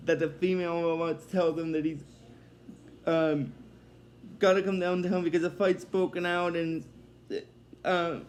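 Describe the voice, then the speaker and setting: A man's voice: sits high, a little mellow, a little hiss or hum. A man casually recapping a cartoon episode, rambling and hesitant with many fillers, apologizing when he drifts.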